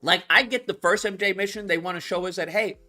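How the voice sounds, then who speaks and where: A man's voice: sits high, steady tone, quick pace, pushed and bright, faint music behind. A man hosting his own commentary channel, ranting about a video game in a heated, profane way with many restarts.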